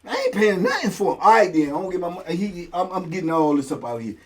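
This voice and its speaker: A middle-aged man hosts a show and tells a story in casual, slang-heavy talk, acting out both sides of the conversations. His voice sits high, swings widely in pitch, and moves fast.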